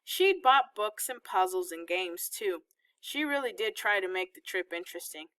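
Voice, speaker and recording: A woman reading a novel aloud, in steady storytelling narration. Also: medium pitch, normal speed, clean tone, low-quality recording. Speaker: audiobook reader.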